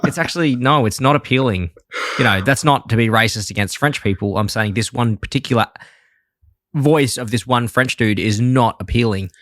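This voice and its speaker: A man co-hosting a podcast in casual chat, excitable and quick to laugh. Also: medium pitch, no echo, studio quality. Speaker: podcast co-host.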